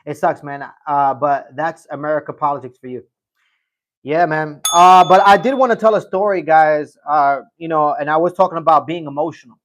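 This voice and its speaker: A man's voice: a little high, fairly even intonation, moderate pace. A middle-aged man hosting a casual livestream, reading chat and telling a rambling story, often repeating himself.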